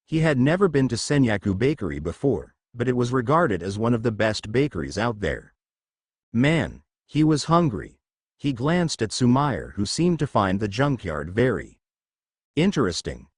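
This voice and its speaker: A man's voice: mid-range voice, slightly rough, no room sound, studio quality. A man narrating a fan fiction story as an audiobook, reading every character's lines in the same voice. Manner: reads all characters' dialogue in the same even voice.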